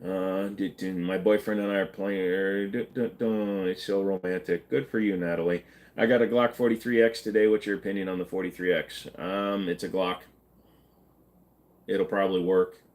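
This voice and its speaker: A man's voice: deep voice, steady tone, normal speed, darkish tone. A man hosting a live stream, casually reading and answering chat questions in an offhand, joking way.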